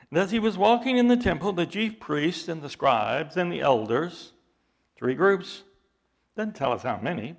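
A man preaching a sermon, reading scripture aloud with dramatic emphasis and explaining it slowly and deliberately, his intensity rising as he goes. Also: on the high side, gravelly. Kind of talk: expository sermon.

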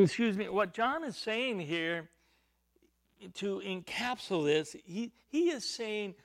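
A man preaching an expository sermon, emphatic and repeating himself, dropping at times to a hushed near-whisper. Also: high voice. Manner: repeats and restarts words while reaching for a point.

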